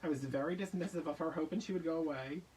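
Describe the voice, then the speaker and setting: A man's voice: on the high side, fast talker, darkish tone, distant mic, a little hiss or hum, low-quality recording. Playful joking man chatting on a stream. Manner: playful, jokey storytelling. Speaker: live streamer. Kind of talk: casual chat on a live stream.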